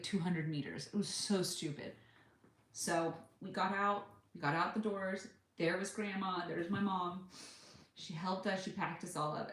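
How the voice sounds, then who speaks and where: Woman from the US in her thirties, lower voice, chatty vlog storyteller, echoey room. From United States. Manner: chatty, animated retelling with quoted voices. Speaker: vlogger.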